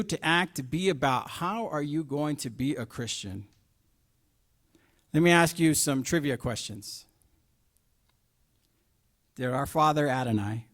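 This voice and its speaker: A middle-aged man preaching a sermon, asking rhetorical questions and moving between quiet asides and loud stressed points. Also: medium pitch, creaky.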